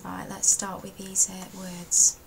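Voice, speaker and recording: A woman's voice: medium pitch, completely flat delivery, slow, vocal fry, noisy background. A young woman with a Derbyshire accent, chatting casually in an accent tag vlog and reading out a word list. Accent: Derbyshire English. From England. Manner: chatty, down-to-earth, reading words aloud. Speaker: vlogger.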